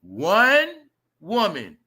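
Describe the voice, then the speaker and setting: A livestream host, a man, ranting loudly and profanely to his chat, animated and talking straight to viewers. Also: sits high, very slow. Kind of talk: ranting celebrity gossip commentary.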